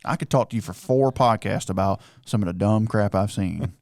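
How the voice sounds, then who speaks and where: A man co-hosting a hunting podcast, teasing his partner and tossing out quick, joking remarks. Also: lowish voice, a little mellow, no echo, studio quality. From North Carolina, US. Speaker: podcast co-host. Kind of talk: casual chat.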